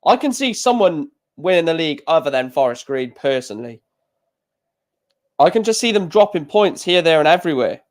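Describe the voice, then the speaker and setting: A high-pitched man calls the darts scores in a casual live reaction stream. He rambles between throws, restarting sentences, and gets excitable as he talks about his football club. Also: fairly quick.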